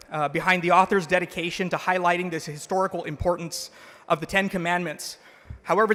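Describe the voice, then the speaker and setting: A man, a state legislator, giving a measured, earnest floor speech with occasional small restarts in a large legislative chamber. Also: sits high, sharp tone. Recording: long reverb of a large hall.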